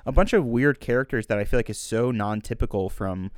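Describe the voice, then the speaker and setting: A man's voice: mid-range voice, a little fast, dry recording, clean studio sound. A young man co-hosting a film podcast, talking in long, thoughtful, winding sentences. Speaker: podcast co-host. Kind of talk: casual film discussion.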